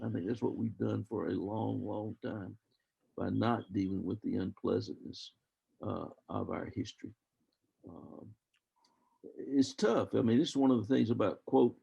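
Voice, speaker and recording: An older man talks through history as a guest on a video call, thinking aloud and circling back on himself. His voice is heavily gravelly and husky, with a dark, mellow tone. The sound is dull and lo-fi, as over a call. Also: medium pitch. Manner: rambling, thoughtful, with many restarts.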